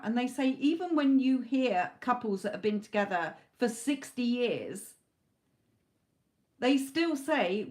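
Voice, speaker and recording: A woman's voice: fairly high pitch, lively intonation, measured pace, a little mellow. Chatty woman giving a tarot reading. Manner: talks in loose spoken chunks, restarts often. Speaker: tarot reader. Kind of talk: live tarot reading, casual monologue.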